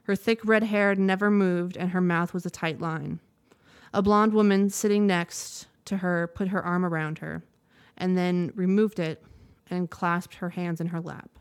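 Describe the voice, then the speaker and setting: A woman reading a news report aloud in a measured, steady way, now and then stopping to correct a word. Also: fairly low pitch, smooth. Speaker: news reader.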